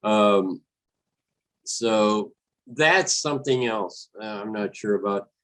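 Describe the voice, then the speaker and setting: A man hosts a casual solo podcast, moving slowly and deliberately. He keeps pausing on fillers and correcting himself mid-sentence. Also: lowish voice, a bit bright, poor audio. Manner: hesitant, full of fillers and self-corrections. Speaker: podcast host.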